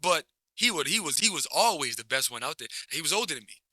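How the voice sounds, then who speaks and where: A man's voice: fairly high pitch, quick pace, dry recording. Laid-back man rambling with restarts. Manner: relaxed, rambling, many restarts and slang. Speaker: basketball coach, guest. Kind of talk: casual interview chat.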